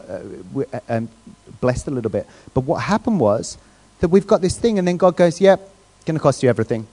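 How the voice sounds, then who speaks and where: A man preaching a sermon in a church in a relaxed, conversational way, often checking in with the congregation. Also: on the high side. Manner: conversational, asks the crowd questions, restarts often. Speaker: guest preacher.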